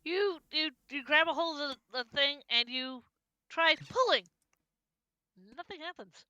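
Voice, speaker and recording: A woman's voice: high-pitched, expressive, a little slow, sharp tone, no room sound. A woman acting as game master, narrating a tabletop game in a playful, stammering way.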